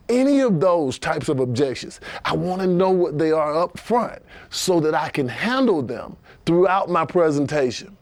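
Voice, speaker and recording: An energetic middle-aged man teaches sales technique in a slightly higher voice, acting out customer exchanges with animated shifts. The sound is dry and close, with no room echo. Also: moderate pace, few pauses. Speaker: sales trainer. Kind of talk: instructional sales training talk.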